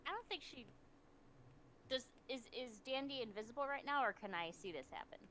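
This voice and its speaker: A woman player explaining her character's thoughts in casual tabletop talk, slow and thoughtful. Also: high voice, lively intonation, pushed and bright, a little hiss or hum, low-quality recording. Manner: thoughtful, explaining slowly with fillers.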